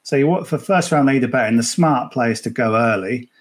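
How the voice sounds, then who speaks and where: A man's voice: mid-range voice, a little fast. A man chatting casually as a golf betting guest on a podcast, rambling with many restarts and fillers. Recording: remote, at the tournament venue.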